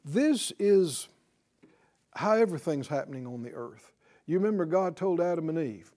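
A middle-aged male preacher teaches from the Bible at a slow, deliberate pace. His voice sits a little high for a man yet sounds dark and mellow. He talks earnestly and keeps putting questions to his listeners. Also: expressive.

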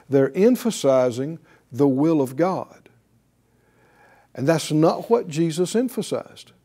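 Mellow-voiced man teaching the Bible. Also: a little high. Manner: emphatic, with deliberate slow stresses.

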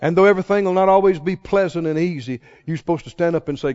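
Impassioned high-voiced preacher, echoing hall. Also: male voice, fast. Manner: impassioned, rhetorical questions, sudden swings from hushed to loud. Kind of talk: sermon. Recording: reverberant hall, muffled sound.

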